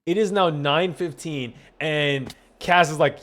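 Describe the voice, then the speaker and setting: A young man with a somewhat high-pitched voice tells his stream chat a long story from his home setup on a desk mic. He rambles and swears freely. He plays out every quoted line with animated energy. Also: a little slow, hardly any pauses. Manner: rambling, profane, animated retelling with quoted dialogue. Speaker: gaming streamer.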